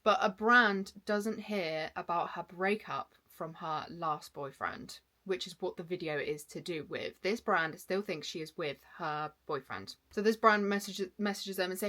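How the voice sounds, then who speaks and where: A woman's voice: on the low side, bright, forceful tone. A young woman, a full-time content creator, chatting casually and enthusiastically about the books she read. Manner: chatty and enthusiastic, with quick asides. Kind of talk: casual book wrap-up chat.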